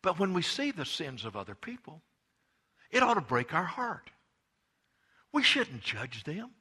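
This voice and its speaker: A middle-aged preacher delivers his sermon in a husky, forceful voice. He drops low and quiet for asides, then surges with fervent emphasis. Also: huge pitch swings, unhurried, long pauses. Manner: impassioned storytelling preacher, swings from hushed to emphatic. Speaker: pastor.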